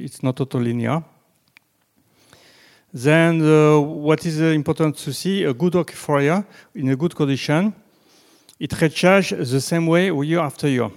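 A man with a French accent, a native French speaker, giving a slow, halting presentation with slides and frequent restarts. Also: a little high, a little mellow. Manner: halting, many restarts and fillers, deliberately slow. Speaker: presenter on groundwater.

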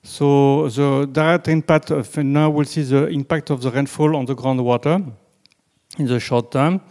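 A man with a French accent, a native French speaker, giving a slow, halting presentation with slides and frequent restarts. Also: medium pitch, fairly even intonation, darkish tone. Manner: halting, many restarts and fillers, deliberately slow. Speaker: presenter on groundwater.

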